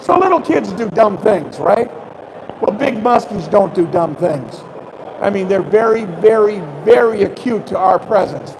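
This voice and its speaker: An older man, a fishing guide, telling lively fishing stories to a live expo crowd and acting out the dialogue. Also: sits high, unhurried, background noise. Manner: animated storyteller, acts out dialogue, coughs and clears throat. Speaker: fishing guide giving a seminar. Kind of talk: storytelling talk at a fishing expo. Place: expo hall stage, live audience.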